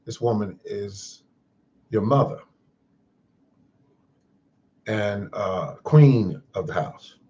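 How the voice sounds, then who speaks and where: Man, live-stream host, low voice, reflective, rambling, dull lo-fi audio. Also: drawn-out words, long pauses, warm tone. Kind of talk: casual live-stream storytelling.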